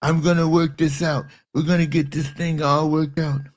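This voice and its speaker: A man's voice: a little high, little pitch movement, normal speed, close to an everyday voice. A man voicing a pompous, self-important politician who repeats himself and grandstands in a comedy impression skit. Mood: grandstanding. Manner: repetitive, grandstanding.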